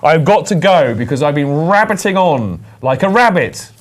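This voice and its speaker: A man's voice: fairly high pitch, sing-song, moderate pace. A man hosting a fan podcast in casual, jokey, rambling chat. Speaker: podcast host.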